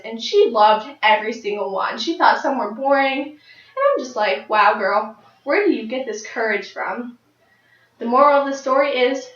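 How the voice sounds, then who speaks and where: Young woman of nineteen, fairly high voice, giving a personal story speech, recorded from afar with a muffled sound. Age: late teens. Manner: lively storytelling with high excited jumps. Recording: dull, roomy sound from a distant mic.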